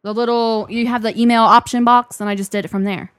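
A woman co-hosting a podcast, teasing and quick-witted in casual banter. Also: a little high, steady tone, clean tone. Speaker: podcast co-host.

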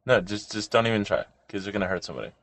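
A man's voice: on the low side, expressive, racing, vocal fry, fairly bright tone, dry recording. A young adult man co-hosting a casual podcast chat, crude and joking and laughing often. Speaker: podcast co-host.

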